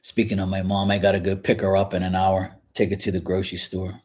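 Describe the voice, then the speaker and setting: A man hosting a casual livestream from his kitchen while washing dishes, talking frankly and rambling, often clearing his throat. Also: sits low, monotone, quick pace, darkish tone. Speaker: livestream host reading chat. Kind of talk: casual chat.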